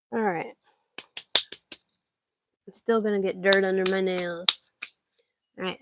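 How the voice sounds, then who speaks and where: A woman's voice: medium pitch, gravelly, darkish tone, slight background noise. A middle-aged woman chatting casually while potting seeds in a greenhouse, talking to her pets now and then. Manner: chatty, talks to her pets mid-task. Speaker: vlogger. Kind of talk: casual chat while gardening.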